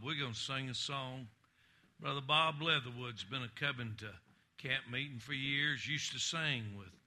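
A man's voice: medium pitch, sharp tone. A man leading a camp meeting, giving easygoing, folksy introductions. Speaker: meeting leader. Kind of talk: casual announcement.

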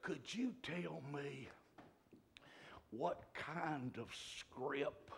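A male preacher, delivering a sermon that swings from shouts to hushed whispers. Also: medium pitch, slow, creaky.

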